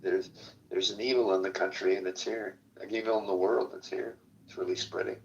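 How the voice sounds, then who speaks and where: A man chatting casually on a podcast, retelling things in a halting, meandering way. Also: sits low, little pitch movement, gravelly, muffled recording. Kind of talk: casual chat. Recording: distant mic with faint background noise.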